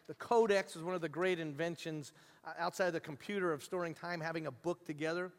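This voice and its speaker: A middle-aged male pastor with a high voice delivers a sermon with animated storytelling. He drops to hushed asides and then rises to near-shouts as he acts out the people in his stories. His voice rings through the long reverb of a large hall. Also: fast.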